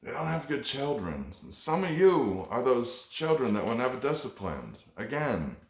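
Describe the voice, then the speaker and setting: A man's voice: mid-range voice, sing-song, unhurried, echoey room. A man hosting a comedy podcast alone, delivering a rambling, profane, mock-preachy monologue.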